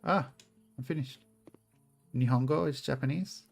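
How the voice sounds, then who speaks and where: A man's voice: medium pitch, unhurried, vocal fry, soft background music. A man streaming a game and chatting casually with his viewers, rambling and swearing freely. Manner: chatty, swears a lot, rambling asides to chat. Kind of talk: casual gameplay streaming chat.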